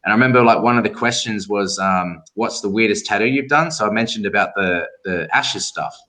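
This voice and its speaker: A man's voice: fairly low pitch, brisk. A middle-aged Australian man, a tattoo artist guest, telling stories casually and acting out the voices of people he quotes. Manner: animated storyteller who acts out quoted voices. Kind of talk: casual storytelling interview.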